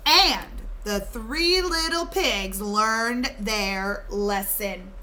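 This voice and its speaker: A woman reading a storybook aloud to children like a teacher, expressive, and pausing to ask them questions. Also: on the high side. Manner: expressive, asking the listeners questions.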